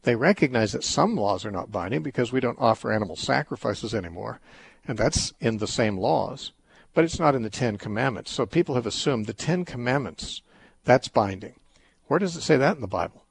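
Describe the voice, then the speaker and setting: A middle-aged man hosting a call-in radio show, calmly reasoning through a Bible question with everyday examples. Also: mid-range voice, fairly quick, gravelly, slightly rough, dry recording. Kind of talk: call-in Bible teaching talk.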